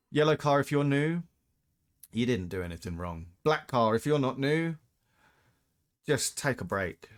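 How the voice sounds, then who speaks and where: A man's voice: mid-range voice, big pitch swings, slow pace, pauses often. Blunt man ranting over racing clips. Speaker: host reacting to racing clips. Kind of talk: casual commentary.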